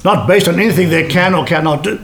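A man preaching a sermon to a congregation, with animated delivery that slows down for emphasis. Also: on the high side. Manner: animated, varied delivery with slowed emphatic phrases. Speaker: pastor.

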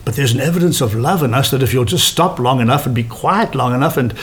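A man preaching a sermon to a congregation, with animated delivery that slows down for emphasis. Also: medium pitch. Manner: animated, varied delivery with slowed emphatic phrases. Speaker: pastor.

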